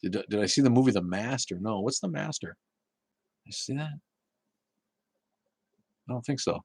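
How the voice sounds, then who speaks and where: A man hosting a casual live talk show, rambling and swearing, with many halting restarts as he answers viewer chat. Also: fairly low pitch, expressive, darkish tone, breathy edge, no echo, low-quality recording.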